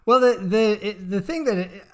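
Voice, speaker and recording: A man's voice: sits high, animated, moderate pace, fairly bright tone. A man co-hosting a casual podcast from a makeshift recording setup, talking candidly and with self-deprecation, swearing now and then. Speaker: podcast co-host. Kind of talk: casual chat. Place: makeshift setup in a small town.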